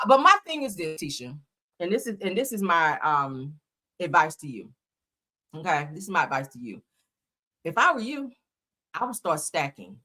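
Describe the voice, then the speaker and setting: Woman, live host, reality TV commentary, blunt, profane, animated pitch, bright tone. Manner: blunt, profane, emphatic, often laughing; reads viewer comments aloud.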